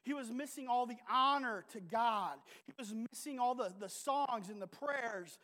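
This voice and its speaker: A man's voice: very high-pitched, normal speed, sharp tone. Male pastor preaching in a reverberant hall. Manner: conversational, keeps adding "right?". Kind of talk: sermon. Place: church sanctuary. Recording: long reverb of a large hall.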